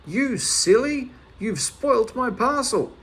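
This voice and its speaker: A man acting out a big angry storybook man, bellowing slow, drawn-out demands in a high, strained voice. The shouting has a gravelly, husky rasp. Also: sing-song, full character voice. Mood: furious.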